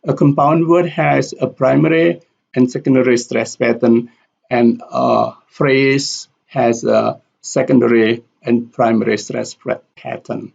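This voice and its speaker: A man teaching English pronunciation in a slow lesson, carefully repeating example words. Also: medium pitch, fairly even intonation, creaky, a little mellow, lo-fi sound.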